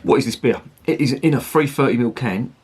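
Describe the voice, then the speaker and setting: A man's voice: medium pitch, a little fast, breathy edge. A man reviewing beer in a rambling, chatty and sweary way. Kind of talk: casual review chat.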